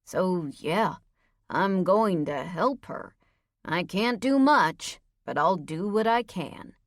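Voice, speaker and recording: A woman playing a hulking, stoic male highway patrolman in an audiobook; he speaks in slow, clipped, steady phrases, flatly and without fuss. The recording is dry and close, with no room sound. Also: dry recording. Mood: steady, terse. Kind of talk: audiobook character voice.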